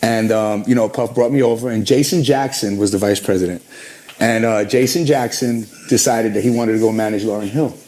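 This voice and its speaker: A man's voice: on the low side, brisk. A middle-aged man in an interview, telling long stories about his career and acting out what others said to him. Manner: animated storyteller, acts out quotes. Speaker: interview guest. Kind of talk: storytelling interview.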